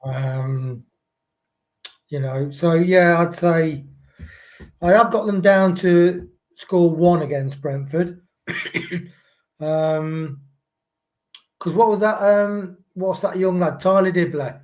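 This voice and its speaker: Brief: male co-host, casual football talk, halting with ums and false starts, slightly raised pitch. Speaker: co-host of a football prediction show. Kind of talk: casual chat.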